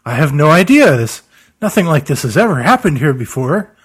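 A man's voice: fairly high pitch, big pitch swings, a little fast, breathy edge, voice pushed up. A man voicing a flustered male funeral director who anxiously reassures and repeats himself.

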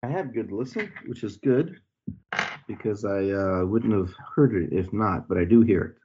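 A man's voice: on the low side, normal speed, dull audio, background noise. A man playing a tabletop game, talking in a chatty, loose way with fillers. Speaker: player. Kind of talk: casual tabletop game talk. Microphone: online voice call.

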